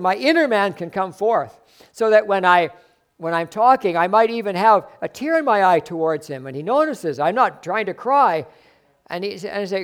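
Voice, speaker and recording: High-voiced man preaching fervently. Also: lively intonation, moderate pace. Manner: fervent preaching, swelling loud then dropping soft. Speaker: pastor. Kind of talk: sermon.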